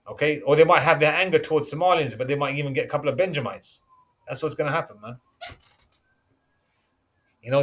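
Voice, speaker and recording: A man's voice: mid-range voice, fairly bright tone. A man giving an informal Bible teaching, rambling in street slang and swearing freely. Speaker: preacher.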